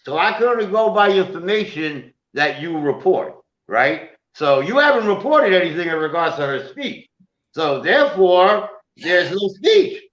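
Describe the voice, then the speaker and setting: Sarcastic New man, lively pitch, echoey room. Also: normal speed. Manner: needling, sarcastic questioning. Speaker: co-host. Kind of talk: casual political chat show. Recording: echoey, slightly dull studio sound.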